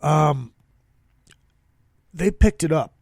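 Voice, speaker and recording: A man's voice: a little high, animated, drawn-out words, darkish tone, no room sound, studio quality. A man hosting his own podcast, talking casually in an upbeat, rambling way with plenty of fillers. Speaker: podcast host. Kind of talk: casual solo podcast monologue.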